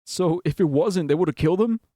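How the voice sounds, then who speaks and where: A streamer reading a story game aloud with expression and blurting out swearing reactions. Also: male voice, high-pitched, a little fast, mellow, no room sound.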